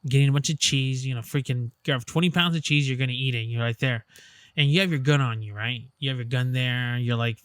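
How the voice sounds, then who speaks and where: A man's voice: medium pitch, a little fast, fairly bright tone, smooth, dry recording, studio quality. A man co-hosting a podcast, chatting casually in a rambling, hesitant way, spinning out what-if scenarios. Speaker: podcast co-host. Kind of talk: casual chat.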